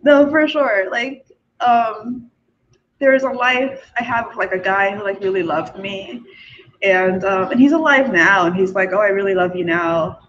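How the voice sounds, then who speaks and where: Speaking at medium pitch and a little slowly, this young forum host chats casually about her spiritual beliefs, giggling frequently and leaning on fillers. Her tone is a bit bright, while the lo-fi recording is dull with slight background noise.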